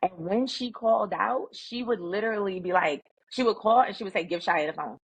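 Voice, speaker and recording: A middle-aged woman, a guest speaker, telling workplace stories in an animated, emphatic way and acting out the quoted talk. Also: medium pitch, a little fast, breathy edge, poor audio. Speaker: guest, emotional intelligence speaker. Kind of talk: conversational storytelling.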